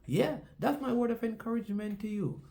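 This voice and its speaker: Mellow-voiced Jamaican man hosting sports talk. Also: sits high, a little fast, gravelly. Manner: preacher-like cadence, repeats phrases for emphasis. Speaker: sports show host. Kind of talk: casual sports commentary with a sermon-like opening.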